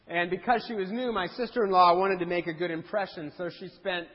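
High-voiced pastor preaching in a reverberant hall. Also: male voice, steady tone, fairly quick. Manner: humorous, conversational preaching with playful asides. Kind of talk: sermon. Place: church sanctuary. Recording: dull sound with long hall reverb.

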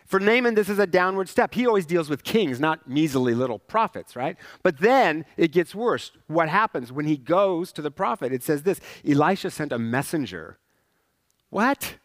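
A man's voice: on the high side, lively intonation, moderate pace, hardly any pauses, no echo, clean studio sound. A man preaching a sermon as a pastor in a conversational way, often checking in with the congregation and acting out characters. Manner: conversational, asks "right?" often, acts out characters.

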